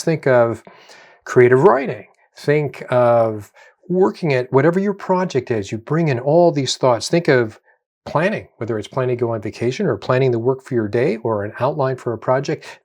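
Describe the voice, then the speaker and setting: A man's voice: mid-range voice, a little mellow. A middle-aged man, a doctor, giving a spoken health lecture, emphatic and repeating key phrases for stress. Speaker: doctor presenting a health video.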